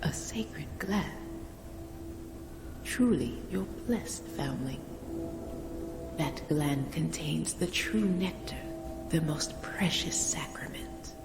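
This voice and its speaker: In a whispered role-play, a frail, devout priestess breathes out her words in a low, gravelly whisper. She speaks slowly and solemnly. The game audio sounds roomy, with clear music behind her. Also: heavily acted. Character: frail reverent woman, keeper of sacred rites.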